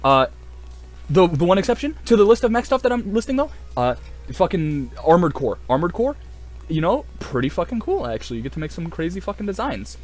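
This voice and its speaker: A young man rambling excitedly in casual video commentary, swearing a lot and full of fillers. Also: high-pitched, brisk, soft background music. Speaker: video creator.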